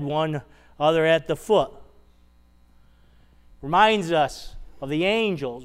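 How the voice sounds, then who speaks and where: A man's voice: a little high, clean tone. A man preaching a sermon, retelling a scripture passage conversationally and asking the congregation rhetorical questions. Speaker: pastor.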